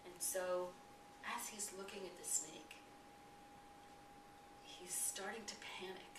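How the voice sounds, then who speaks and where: A woman spiritual teacher telling a parable as a lesson, asking her listeners gentle questions and sometimes dropping to a hush. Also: on the low side, slow. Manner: gentle, questioning, at times hushed. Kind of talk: storytelling lesson. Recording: echoey room, distant mic, noisy.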